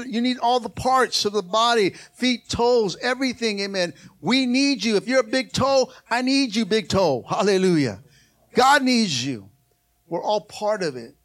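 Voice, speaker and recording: A high-pitched man preaching from the pulpit as pastor. He exhorts the congregation in an animated way, with repeated calls of come on and hallelujah. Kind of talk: sermon.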